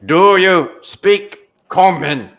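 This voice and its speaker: A man voicing a gruff, suspicious male dwarf who speaks in short, irritable sentences. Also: medium pitch, moderate pace, pushed and bright, muffled recording. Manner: curt and irritable.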